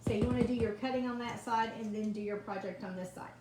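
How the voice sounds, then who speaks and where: A woman's voice: a little high, steady tone, quick pace, heavy background noise. A woman chatting through a live craft demonstration, greeting viewers by name from her home kitchen. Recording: echoey kitchen, faint ambience.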